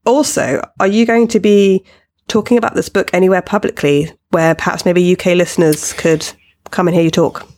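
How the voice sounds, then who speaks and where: Podcast host, mid-pitched, eager, repeats words when restarting. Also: steady tone, moderate pace, darkish tone. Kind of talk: casual podcast chat.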